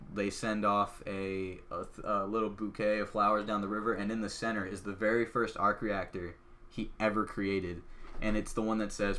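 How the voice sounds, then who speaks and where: A man hosting a podcast, excitedly retelling a film in a casual, chatty way full of "like" fillers. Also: on the low side. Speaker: podcast host. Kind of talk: casual movie recap.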